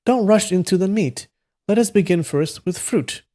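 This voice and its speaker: A man's voice: high voice, moderate pace, voice pushed up. Man voicing a cheeky ragged beggar boy. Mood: haughty. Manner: teasing, lively.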